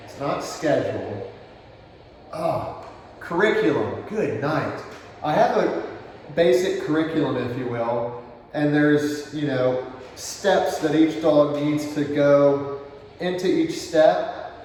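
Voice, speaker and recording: A relaxed man explains dog training as he works, often softening into quiet praise. He sounds set back from the microphone, with a lot of roomy echo and a faint ambient hum behind him. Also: a little high, slow, pauses often. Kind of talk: explaining while demonstrating. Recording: distant, roomy outdoor camera audio.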